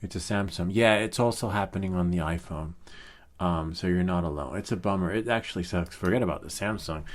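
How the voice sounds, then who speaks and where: A man's voice: deep voice, fairly quick. A middle-aged man hosting a casual tech tutorial, talking in a chatty, rambling way with many fillers and asides. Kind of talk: casual screen-recorded tutorial.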